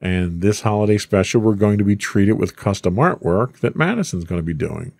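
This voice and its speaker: A man's voice: lowish voice, lively intonation, a little fast, vocal fry, a little mellow, no room sound. A man hosting a podcast, reading a script aloud between teasing, casual banter with his co-host.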